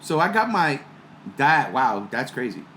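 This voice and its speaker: A man hosting a casual fan chat, excitable and laughing as he talks. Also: medium pitch, a little slow, slight background noise. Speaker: podcast host.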